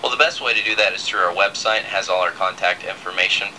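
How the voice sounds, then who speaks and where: A man's voice: low voice, fairly even intonation, fast talker, bright, forceful tone, a little hiss or hum, low-quality recording. A man from Georgia with a Southern accent, an earnest missionary guest answering plainly in an interview. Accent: Southern American.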